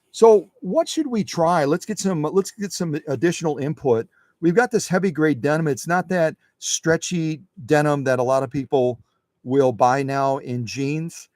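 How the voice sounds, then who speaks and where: A man's voice: fairly high pitch, a little mellow, no echo, studio quality. A man hosting a live sewing machine demonstration, chatting with viewers in a folksy, instructive way.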